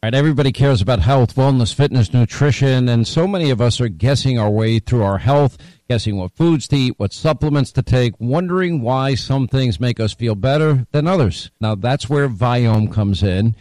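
Brisk male radio host reading an ad. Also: darkish tone, no room sound. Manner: brisk, upbeat sales pitch. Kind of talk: read ad spot.

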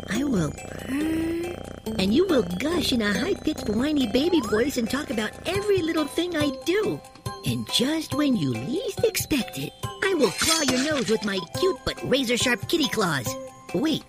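A man's voice: very high-pitched, full character voice. A man voicing a smug, cute little kitten in a comedy bit. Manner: sweetly smug.

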